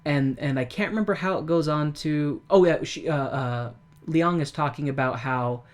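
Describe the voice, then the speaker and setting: A podcast co-host retelling a musical's plot in relaxed, chatty talk. The delivery is loose and rambling, full of likes and restarts, and it turns animated when the characters' lines get acted out. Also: medium pitch, moderate pace. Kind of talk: casual podcast chat, recapping a musical.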